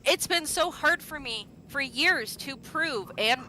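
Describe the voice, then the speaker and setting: A woman streamer telling a story in casual chat, animated, laughing and swearing freely. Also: high-pitched, slow pace, a little hiss or hum.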